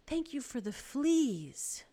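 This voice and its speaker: A woman's voice: medium pitch, unhurried, creaky, a little mellow. A woman reading aloud and voicing a devout, serene woman prisoner who speaks eagerly and insistently to her sister.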